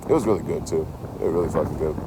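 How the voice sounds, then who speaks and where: A man chatting casually to his livestream chat outdoors, telling stories in an animated, swearing way. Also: rumbling low, very fast, noisy background. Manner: animated, swears a lot, talks to chat by name.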